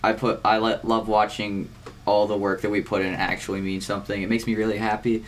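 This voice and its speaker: A teenage boy co-hosting a podcast, rambling through his week in casual chat, swearing often and filling pauses with "um" and "like.". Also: lowish voice, level tone, slight background noise. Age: teens. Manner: rambling, swears a lot, many fillers. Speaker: podcast co-host.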